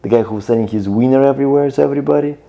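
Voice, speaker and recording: A man with a low, gravelly voice co-hosts a casual podcast and ribs his partner with running jokes. His tone is dark and mellow. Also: racing. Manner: teasing, joking banter. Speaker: podcast co-host. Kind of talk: casual comedic chat.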